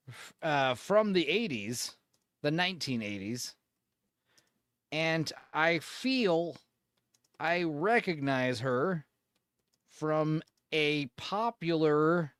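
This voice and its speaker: A man's voice: fairly high pitch, fairly bright tone, clean tone, dry recording, studio quality. A man hosting a casual reaction stream, talking loosely and swearing. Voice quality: swearing, easily frustrated. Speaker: streamer host.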